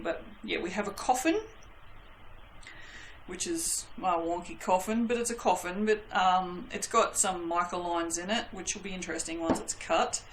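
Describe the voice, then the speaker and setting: A woman's voice: on the low side, echoey room, a little hiss or hum, low-quality recording. A woman hosting a casual soap-making vlog, chatty and rambling, poking fun at herself and swearing now and then. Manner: rambling, self-deprecating, swears lightly. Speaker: soap-making channel host. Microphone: webcam.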